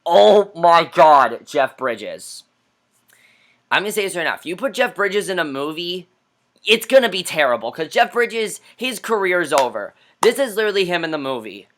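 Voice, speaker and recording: A man's voice: sits high, very animated, moderate pace, a bit bright. A man giving an exasperated, blunt, profane rant as a film reviewer.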